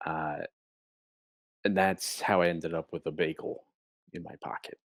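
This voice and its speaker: A man's voice: low-pitched, little pitch movement, a little slow, no echo. A young man co-hosting a comedy podcast, telling rambling, playful stories in casual chat. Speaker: podcast co-host.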